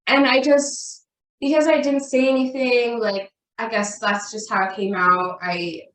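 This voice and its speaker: A woman's voice: fairly high pitch, a little slow. Woman guest rambling through a story, chatty, roomy echo. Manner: animated, chatty storyteller with many "like" fillers. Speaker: podcast guest. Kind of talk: casual storytelling chat.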